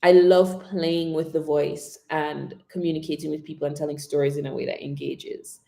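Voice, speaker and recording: Expressive woman coaching public speaking. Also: deep voice, gravelly, echoey room. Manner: coaching, expressive, models whispers and dramatic pauses. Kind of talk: live-streamed speaking workshop.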